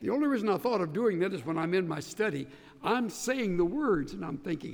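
Gravelly high-voiced man teaching the Bible. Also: brisk, in a large hall, slight background noise. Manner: emphatic, animated, directs listeners step by step.

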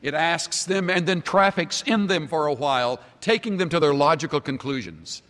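Male preacher, animated rising and falling pitch, emphatic rhetorical questions, church sanctuary, long echoing reverb. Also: normal speed. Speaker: pastor. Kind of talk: sermon. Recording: long reverb of a large hall.

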